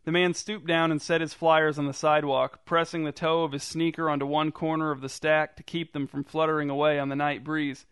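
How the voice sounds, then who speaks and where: A man reading a story aloud in a dry, deadpan narrating manner. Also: fairly high pitch, a little fast, hardly any pauses, smooth, dry recording. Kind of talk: scripted narration.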